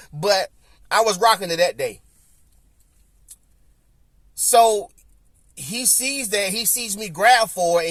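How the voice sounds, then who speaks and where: A man with a Southern US accent tells a story on his podcast in a high, animated voice. He repeats himself and acts out what people said. The sound is close and completely dry. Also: dry recording. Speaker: podcast host. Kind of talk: casual storytelling.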